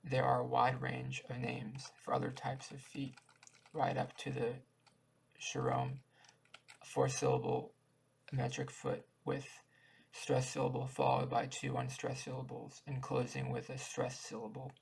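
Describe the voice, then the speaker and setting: A man reading a lesson text aloud, halting at times and restarting words. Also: medium pitch, creaky, slightly rough, low-quality recording. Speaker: channel host explaining poetry.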